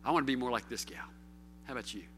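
A man preaching a sermon as pastor, rising to loud calls and dropping to a hush, putting question after question to his listeners. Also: mid-range voice, very fast, a little hiss or hum. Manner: preaching with sweeping swings from loud to hushed; calls out rhetorical questions to the congregation.

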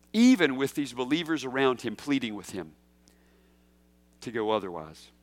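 Very animated and recorded without echo, this man delivers a sermon as senior pastor, moving from slow, weighty lines to rapid asides. He suddenly gets loud and high whenever he speaks as a quoted figure.

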